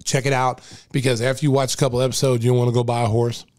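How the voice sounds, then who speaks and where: Excitable man telling stories. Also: medium pitch, quick pace. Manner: excitable, storytelling, repeats himself. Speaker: podcast host. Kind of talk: casual chat.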